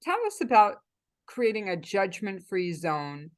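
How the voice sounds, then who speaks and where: A woman's voice: mid-range voice, animated, measured pace. A woman moderating a webinar panel, summarizing points and handing over questions.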